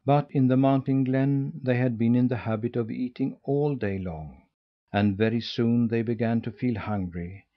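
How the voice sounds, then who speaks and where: A man narrating a classic children's novel in a measured, steady reading. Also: mid-range voice, dull audio. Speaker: audiobook narrator. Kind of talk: scripted storybook narration.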